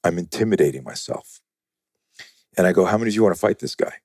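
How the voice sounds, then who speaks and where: A man with a deep, dark voice tells stories in an animated, profane way, slipping into other people's voices as he goes. His voice is mellow rather than bright. The recording is dry and close. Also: fast talker, vocal fry, no echo. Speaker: guest, self-defense and fear-management trainer. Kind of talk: conversational storytelling in a podcast interview.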